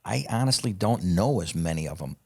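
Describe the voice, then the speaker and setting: A man with a low, deep voice tells a rowdy story in a relaxed, casual way. His talk is full of profanity, and he acts out the lines of the people he quotes. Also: a little fast, creaky, husky. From United States. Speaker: podcast guest.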